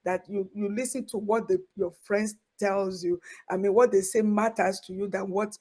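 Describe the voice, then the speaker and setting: A woman from Africa with an African accent, hosting a talk show discussion, animated and emphatic, laughing often. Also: medium pitch, normal speed. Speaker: host.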